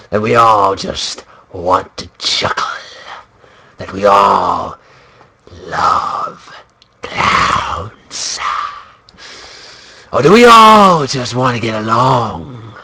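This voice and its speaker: A man voicing a sinister, theatrical male showman, drawn-out and mock-menacing. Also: fairly low pitch, lively intonation, pushed and bright, slightly rough, pitched below the performer's own voice, exaggerated voice.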